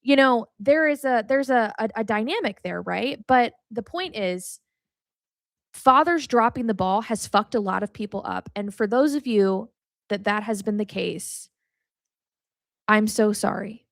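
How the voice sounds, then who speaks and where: A podcast host with a slightly high, creaky voice gives a casual faith teaching at a measured pace. She talks candidly and directly to the listener, calling them honey, swearing freely and speaking with emotion. The recording is studio quality with no room sound.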